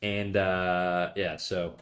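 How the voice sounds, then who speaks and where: A man's voice: low voice, little pitch movement, drawn-out words, a bit bright. A man streaming while he draws, chatting casually with viewers and giving loose drawing tips in a rambling, joking way that often breaks off mid-sentence. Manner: rambling, self-interrupting, jokey.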